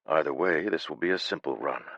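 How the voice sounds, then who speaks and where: A man voicing a calm, unflappable male adventurer leader who speaks flatly and matter-of-factly. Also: extremely low pitch, moderate pace, no echo, muffled recording, heavily acted. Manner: calm, flat, matter-of-fact.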